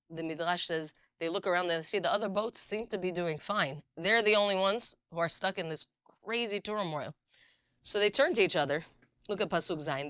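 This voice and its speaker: Animated woman teaching a Bible class. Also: medium pitch, dry recording, studio quality. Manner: animated storyteller, acts out dialogue, reads Hebrew verses quickly. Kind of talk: lively Torah class with stories.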